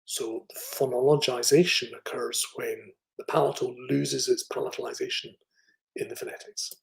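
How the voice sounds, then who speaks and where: A middle-aged man with a middle-class Scottish accent, giving an academic lecture and pausing to demonstrate speech sounds. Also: medium pitch, steady tone, gravelly, poor audio. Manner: thoughtful, with fillers and restarts, demonstrating speech sounds. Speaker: phonetics professor giving a lecture.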